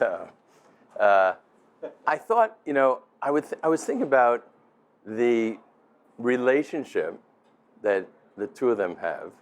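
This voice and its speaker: A middle-aged man, father of the groom, telling a rambling, laughing story in a wedding toast. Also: on the low side. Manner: chatty storyteller, laughing, many restarts. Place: restaurant dinner.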